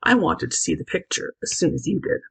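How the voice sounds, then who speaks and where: A woman's voice: deep voice, very animated, a little fast, vocal fry, husky, full character voice, poor audio. A woman reading aloud, voicing a timid, tearful young girl in a storybook. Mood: miserable. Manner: miserable, wailing.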